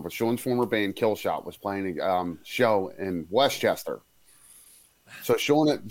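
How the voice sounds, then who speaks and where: A man telling a story in casual chat, relaxed and rambling, with halting restarts. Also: on the low side, dry recording.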